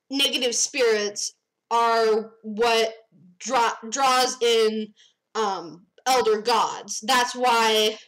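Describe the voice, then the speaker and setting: A woman's voice: a little high, fairly bright tone, poor audio. A young woman retelling the story of her comic on a livestream, rambling and hesitant, with lots of ums and giggles.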